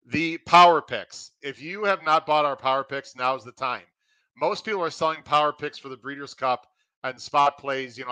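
A man hosting his racing podcast, excitedly welcoming listeners and running through promotions in an energetic, pumped-up way. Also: medium pitch, no room sound, rough recording. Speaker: podcast host.

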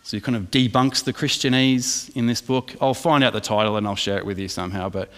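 A man's voice: fairly low pitch, steady tone, fairly quick, a bit bright, long reverb tail. A man with an Australian accent preaching an emphatic sermon as pastor, asking the congregation questions.

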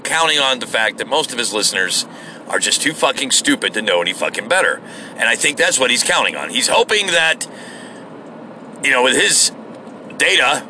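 A man's voice: fairly high pitch, lively intonation, normal speed, gravelly, pushed and bright, slight background noise. A man delivering a heated, sarcastic monologue full of swearing. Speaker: online commentator. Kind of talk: profane ranting monologue.

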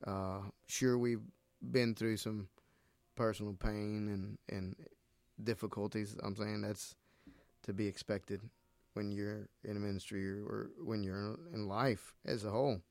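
A middle-aged man from Nicaragua speaks as a missionary guest in a casual faith conversation. He talks earnestly and grows animated when he retells scripture stories. His voice sits fairly low, and the recording is dry and close. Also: unhurried, gravelly, dry recording.

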